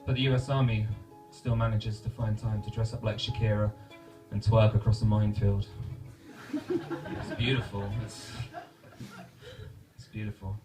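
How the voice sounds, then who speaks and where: A man's voice: fairly low pitch, little pitch movement, brisk, few pauses, recorded from a distance, music in the background, low-quality recording. A man doing a stand-up comedy set, self-mocking and stumbling over his words as he rambles. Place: comedy club stage.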